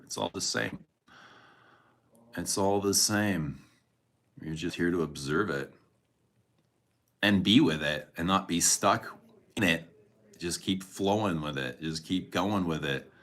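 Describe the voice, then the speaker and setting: A man's voice: low voice, fairly bright tone. A man hosting a casual livestream, rambling about his day and reading viewer comments, chuckling often and swearing freely. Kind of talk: casual live chat.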